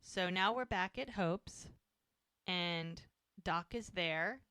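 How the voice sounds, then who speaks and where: A woman's voice: slow pace, clear, resonant tone, no room sound, studio quality. A middle-aged woman co-hosting a podcast, recapping a show in casual chat and acting out the characters' lines. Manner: animated retelling, acting out lines with swooping pitch. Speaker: podcast co-host.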